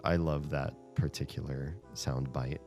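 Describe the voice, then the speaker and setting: Casting: male streamer, very low voice, loose rambling chat over a game, faint music underneath. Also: steady tone, unhurried, darkish tone. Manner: rambling, thinks aloud, chuckles often. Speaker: streamer playing a rhythm game. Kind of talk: casual chat while gaming.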